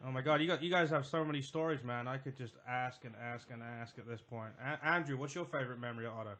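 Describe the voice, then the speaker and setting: A man's voice: medium pitch, fast, sharp tone. Easygoing male interview host. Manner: laughs often, easygoing questions. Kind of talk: casual interview chat.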